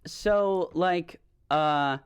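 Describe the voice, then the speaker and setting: A young man co-hosting a podcast over a video call, talking in a rambling, halting way with many fillers. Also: on the high side, smooth. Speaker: podcast co-host.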